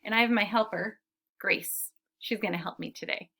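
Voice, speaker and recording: A woman's voice: medium pitch, moderate pace, gravelly, sharp tone, husky. A woman teaching preschool children, reading a picture book aloud and counting syllables with them in a patient, encouraging manner.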